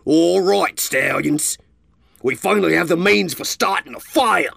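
A stern gray stallion leading a caravan, speaking in a measured, commanding way, as a man puts him on. The lines land in a lifted, insistent register. The sound is dry and close. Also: medium pitch, expressive, vocal fry, a bit bright, no room sound, pitched above the performer's own voice, exaggerated voice.

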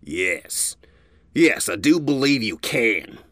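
A man's voice: medium pitch, big pitch swings, slow pace, fairly bright tone, no room sound, clean studio sound, voice pushed up, full character voice. A man voicing a stern, commanding gray stallion who leads a caravan, in a storybook reading.

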